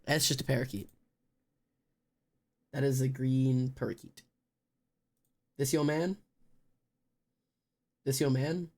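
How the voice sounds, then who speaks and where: Streaming live from indoors at home, this young man chats loosely with his viewers, full of fillers and false starts. His medium-pitched voice is steady and a touch mellow, delivered slowly with long pauses.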